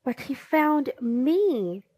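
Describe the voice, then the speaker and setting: A woman's voice: high-pitched, very animated, drawn-out words, mellow, dry recording, pitched above the performer's own voice, exaggerated voice. A woman voicing an anxious, whiny boy in a children's story.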